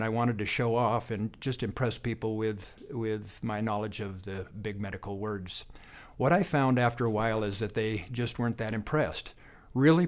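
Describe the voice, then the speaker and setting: A middle-aged man, a doctor, sharing homespun observations from his practice. He talks in a folksy, unhurried way at an average pitch, often stopping to restart with "uh" and "and, and". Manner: folksy, halting, with many fillers and restarts. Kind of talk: testimonial monologue.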